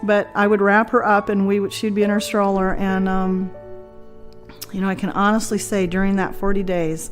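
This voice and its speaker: Earnest middle-aged woman telling her story. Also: mid-range voice. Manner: earnest, reflective, with frequent ums and restarts. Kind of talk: conversational personal testimony.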